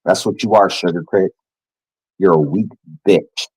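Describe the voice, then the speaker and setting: A man's voice: low-pitched, a little slow, husky, no echo, poor audio. A man ranting angrily and profanely to his viewers in a scornful vlog tirade. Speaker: vlogger. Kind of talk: angry rant to camera.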